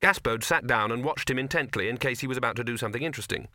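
A man reading a story aloud in an audiobook with wry, measured storytelling. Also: mid-range voice, bright, forceful tone, dry recording, studio quality. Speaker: audiobook narrator. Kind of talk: scripted narration.

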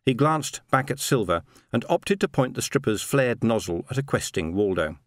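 A man narrating a science fiction story in a steady, measured reading. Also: medium pitch, no room sound, studio quality. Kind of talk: audiobook narration.

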